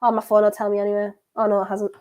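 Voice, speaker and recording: Here a young woman runs a live football watchalong, her medium-pitched voice racing along. She reacts excitably, laughing one moment and downcast the next, and keeps talking to her viewers.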